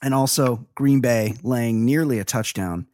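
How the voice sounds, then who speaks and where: A man's voice: mid-range voice, measured pace, a little mellow, no room sound. A middle-aged man co-hosting a casual podcast, reading listener emails and telling rambling, crude stories with plenty of swearing. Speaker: podcast co-host.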